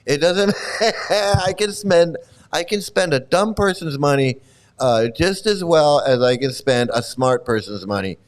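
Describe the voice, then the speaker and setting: Man, high-pitched voice, sarcastic, profane, laughing commentary. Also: expressive, measured pace. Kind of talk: mocking commentary on an archival recording.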